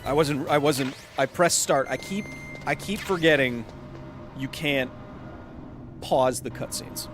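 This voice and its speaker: A young man streaming a video game live, joking and talking excitedly with his chat. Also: mid-range voice, takes it slowly, long pauses, music in the background. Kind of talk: casual let's-play chat.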